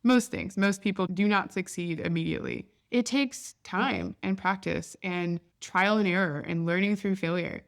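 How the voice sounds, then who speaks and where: A woman's voice: fairly low pitch, sing-song, moderate pace, gravelly, few pauses. A woman in her thirties hosting a podcast, telling a candid, down-to-earth story in a casual, chatty way. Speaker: podcast host. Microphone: podcast microphone.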